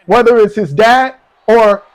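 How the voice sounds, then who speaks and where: High-voiced man teasing his chat. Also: measured pace. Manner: rambling, repeats "man" and "you know what I'm saying"; teasing, chuckling often. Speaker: gaming live streamer. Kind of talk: casual live-stream banter with chat.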